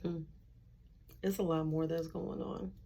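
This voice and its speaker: A woman speaks in a low register with a breathy, husky edge. She tells her faith story candidly and conversationally, slipping into her own back-and-forth exchanges with God. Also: flat delivery, a little slow, warm tone. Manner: candid, conversational, acts out inner dialogue with God. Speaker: speaker sharing a faith testimony. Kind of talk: personal faith testimony.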